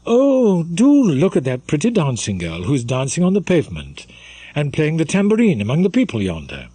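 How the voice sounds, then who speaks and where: An actor voicing an eager young girl in a high, excited voice. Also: moderate pace, husky, no echo, exaggerated voice.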